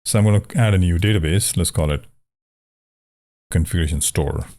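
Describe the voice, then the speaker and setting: Male tutor, very deep voice, conversational walkthrough, thinks aloud. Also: a little fast, warm tone. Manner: wry, joking about pronunciation. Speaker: programming tutor. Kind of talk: casual screen-share coding walkthrough.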